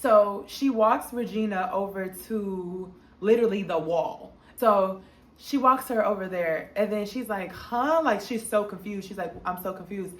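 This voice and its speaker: A young woman telling a casual storytime in a slangy, animated way, jumping up high when she quotes people. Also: measured pace. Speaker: storytime vlogger. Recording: echoey room.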